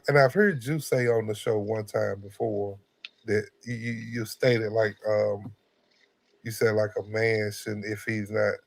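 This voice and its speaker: Rambling low-voiced man podcast host. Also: vocal fry. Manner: rambling, halting, full of fillers and repeats. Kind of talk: casual conversational chat.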